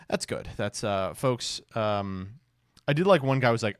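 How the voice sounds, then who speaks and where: A man doing casual commentary on a stream, reacting to clips with deadpan sarcasm and mock enthusiasm. His voice sits in a middle pitch. It is recorded close and dry, with no room sound. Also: a little slow, long pauses, smooth, no echo.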